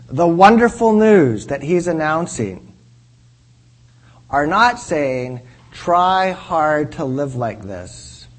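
High-voiced man teaching in an earnest sermon style. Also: poor audio. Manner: earnest, repeats key phrases for emphasis, checks in with listeners. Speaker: preacher teaching a class.

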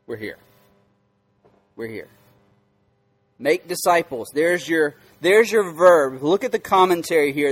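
Male pastor, slightly raised pitch, teaching scripture with strong stress and questions to the room. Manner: emphatic, repeats key words and quizzes listeners. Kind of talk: interactive Bible teaching.

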